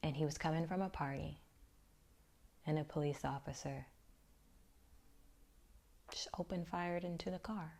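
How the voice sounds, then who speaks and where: Woman, low voice, personal vlog storytelling, reflective, soft near-whisper at times. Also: a little slow, creaky, pauses often. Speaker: vlogger.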